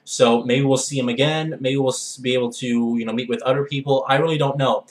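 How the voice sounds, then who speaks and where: A young man talks through his plans in a loose, rambling vlog style and keeps tacking "all right?" onto his points. His pitch sits in the middle for a man. The room around him is bare and echoey. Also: fairly even intonation, brisk. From Los Angeles area. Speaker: gaming vlogger. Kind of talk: casual vlog talk.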